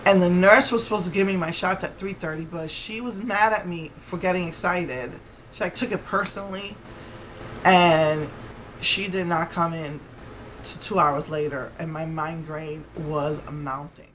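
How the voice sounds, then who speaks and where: Indignant low-voiced woman vlogger. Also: steady tone, a little slow, a bit bright, slight background noise, rough recording. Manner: indignant, rambling retelling with restarts. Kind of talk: casual storytelling to camera.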